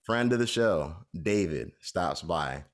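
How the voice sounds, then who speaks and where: A man's voice: low voice, lively intonation, takes it slowly. A man co-hosting a podcast, telling a long story in a casual, rambling way with lots of fillers. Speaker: podcast co-host.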